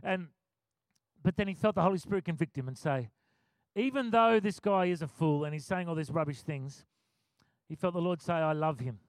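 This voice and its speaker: A man preaching a sermon, telling a story with animated acted-out quotes. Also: sits high, moderate pace, no room sound. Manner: animated, acts out quotes, chuckles often.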